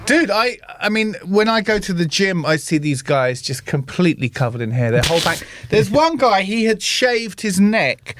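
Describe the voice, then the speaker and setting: Animated high-voiced London man. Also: moderate pace, few pauses, a little hiss or hum. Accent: London English. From England. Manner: animated, mimics voices and swears for laughs. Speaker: podcast host. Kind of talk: casual comedic chat.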